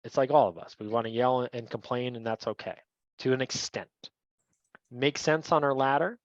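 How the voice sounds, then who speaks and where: A man with a medium-pitched voice speaks at a normal speed, leading a referee training session in a chatty way and often checking in with "right?" as he lectures. There's no room sound, and the recording is dull, dry and lo-fi.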